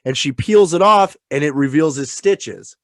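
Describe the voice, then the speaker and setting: A man co-hosting a casual chat who talks in an excited, rambling, profane way and sounds tipsy. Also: on the high side, normal speed, no echo, clean studio sound. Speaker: podcast co-host.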